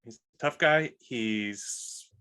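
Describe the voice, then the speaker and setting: A man speaking as a player in a tabletop game, casual and wry. He rambles a little, with filler words, in a voice of ordinary pitch. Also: slow pace, bright, forceful tone, smooth. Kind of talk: casual chat.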